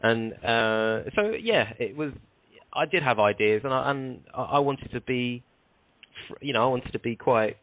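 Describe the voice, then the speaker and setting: A man's voice: medium pitch, lively intonation, moderate pace, no room sound. A man, a guest on a show, telling rambling anecdotes with lots of restarts. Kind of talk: casual interview chat. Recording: dry, tinny phone-like line.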